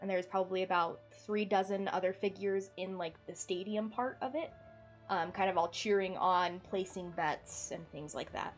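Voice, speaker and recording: A woman game master narrating a tabletop game, describing scenes in a relaxed, meandering way. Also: lowish voice, moderate pace, soft background music.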